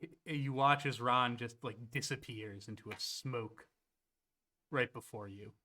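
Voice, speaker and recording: A man's voice: medium pitch, unhurried, sharp tone. A man narrating as game master of a tabletop game, casual and hesitant with fillers.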